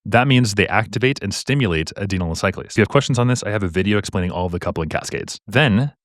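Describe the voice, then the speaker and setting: A deep, low-voiced man talks quickly, explaining exam questions like a tutor. His delivery is casual and jokey, with fast asides. The sound is dry and close, with no room echo. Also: lively intonation.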